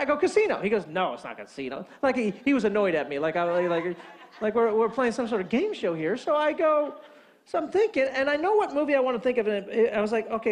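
A man preaching a sermon, telling a funny story and acting out both sides of a phone call. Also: very high voice. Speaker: pastor.

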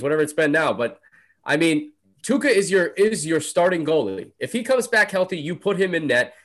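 A man's voice: high voice, a bit bright. A man co-hosting a casual sports talk show, laying out firm opinions in an argumentative way. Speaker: podcast co-host.

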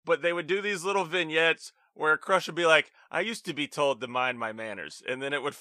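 Bright-sounding dude on a podcast, kinda high voice, laughs a lot telling stories. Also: male voice, no echo, studio quality. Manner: laughs often, tells stories with quoted asides. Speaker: podcast co-host. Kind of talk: casual wrestling podcast chat.

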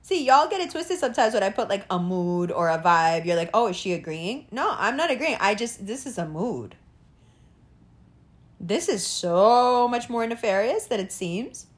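A young woman hosting a casual monologue, profane and animated, often laughing and asking rhetorical questions. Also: medium pitch, normal speed.

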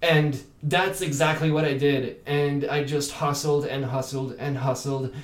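A man from Canada whose first language is French, chatting as an actor in an interview, animated and full of restarts. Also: fairly high pitch, a little slow. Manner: animated, many restarts and fillers. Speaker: actor and podcast guest. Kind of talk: casual interview chat. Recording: echoey room.

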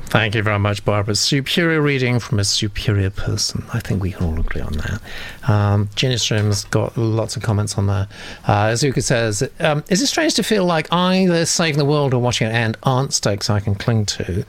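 A man's voice: fairly low pitch, animated, a little fast. A man hosting a reading session, reading out listener comments casually and hesitantly with many fillers.

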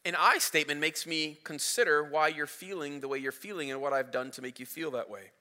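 A man in his thirties preaching a sermon as a pastor, telling a story in an animated way, his voice rising as it builds. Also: on the high side, fairly quick. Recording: reverberant hall.

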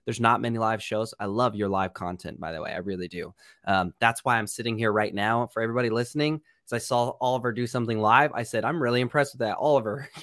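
A man's voice: lowish voice, fast talker, fairly bright tone, no room sound, studio quality. A man, a real estate coach and podcast guest, explaining his ideas boldly and emphatically. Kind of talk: podcast interview.

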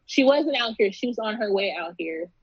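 A woman's voice: mid-range voice, lively intonation, normal speed, highs cut off. A woman guest in a casual interview, telling a personal story in a loose, candid way with many fillers and restarts.

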